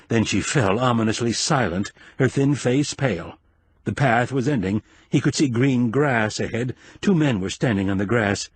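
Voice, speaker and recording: Narrating an audiobook, a man uses a medium-pitched, slightly rough voice and a measured, expressive storytelling style; there is no echo.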